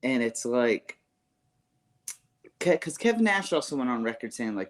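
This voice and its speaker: A man co-hosting a wrestling podcast, chatting loosely. He rambles and restarts, packing his talk with "like", "bro" and "yo". His voice sits at an ordinary middle pitch. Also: big pitch swings, a little slow, pauses often. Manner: rambling, filler-heavy, slang like "bro" and "yo". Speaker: podcast co-host. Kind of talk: casual wrestling podcast chat.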